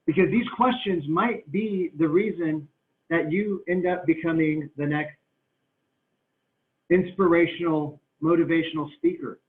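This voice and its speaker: A motivational speaker addresses a group in an emphatic, repetitive style, stretching out words to drive his point home. His voice is fairly high and a little slow. The recording sounds tinny and roomy, with the mic distant.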